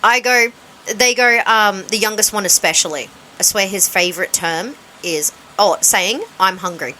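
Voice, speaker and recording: An Australian woman co-hosting a casual radio podcast, telling animated anecdotes and acting out bits of dialogue with lots of laughter. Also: mid-range voice, normal speed, a little hiss or hum. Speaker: radio co-host. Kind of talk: casual chat.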